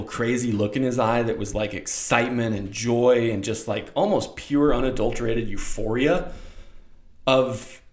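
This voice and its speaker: A middle-aged man telling a rambling, animated childhood story in a casual way, acting out voices. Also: mid-range voice. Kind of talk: casual anecdote. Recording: roomy echo.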